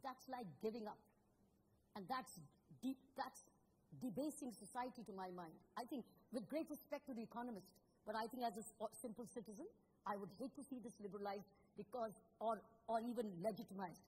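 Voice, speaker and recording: A woman's voice: fairly high pitch, brisk, a little mellow, a little hiss or hum. A woman arguing firmly and emphatically on a debate panel. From India. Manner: firm, emphatic. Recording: long hall reverb.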